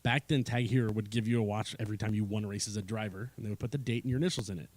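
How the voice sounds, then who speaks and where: A man's voice: lowish voice, rapid-fire, dry recording. A middle-aged man from Southern California telling a race story in casual chat, laughing and acting out quotes. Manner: animated, acts out quotes, laughs while telling. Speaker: IndyCar spotter, guest.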